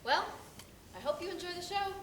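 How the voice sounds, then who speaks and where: A woman's voice: very high-pitched, expressive, fairly quick. A woman playing a scheming male con man who stages fake drownings, haggling and theatrical. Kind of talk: amateur stage acting. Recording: echoey hall, from far off, noisy.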